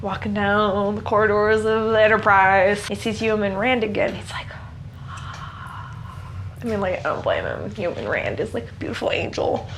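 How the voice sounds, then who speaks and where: A woman's voice: mid-range voice, fairly bright tone, a little hiss or hum. A woman hosting a podcast, recapping an episode with casual, sarcastic, slang-heavy comedy. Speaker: podcast host.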